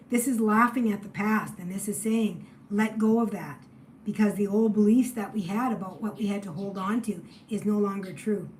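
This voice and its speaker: A woman giving a spiritual tarot reading, emotional and shifting between loud exclamations and hushed near-whispers. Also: mid-range voice, a little hiss or hum, low-quality recording. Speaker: tarot reader.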